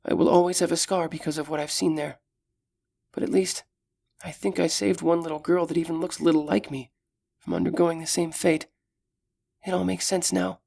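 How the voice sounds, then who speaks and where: A man voicing a frightened but brave young female elf in an audiobook, speaking in urgent, hushed tones. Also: on the high side, steady tone, normal speed, gravelly, pitched above the performer's own voice. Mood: reflective. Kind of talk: audiobook character voice.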